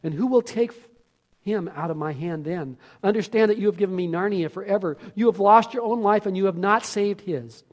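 Man doing a gloating evil witch, quivering voice, high-pitched, loud and rising. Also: a little fast, close to an everyday voice. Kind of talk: sermon reading.

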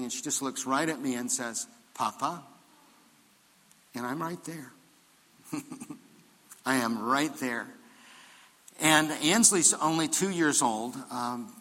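A man's voice: medium pitch, pushed and bright, in a large hall. An older man preaching a sermon as pastor, telling stories and rising into emphatic preaching.

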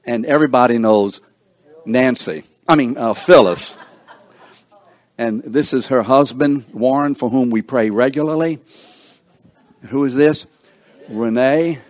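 Hosting a seniors breakfast, an older man introduces each guest in turn, teasing and joking while fumbling names. His mid-range voice is unhurried with frequent pauses, and the recording is dry.

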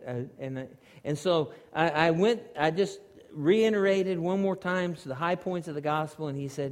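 Animated preacher with a high voice, echoing hall. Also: male voice, normal speed. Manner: animated storytelling, rising to near shouts. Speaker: pastor. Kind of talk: sermon. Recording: long hall reverb.

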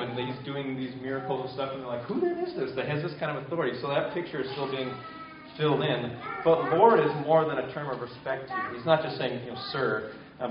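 A male pastor with a medium-pitched voice gives a conversational sermon in a church sanctuary, putting questions to the congregation. The recording sounds dull and distant, picked up from far off in an echoey hall.

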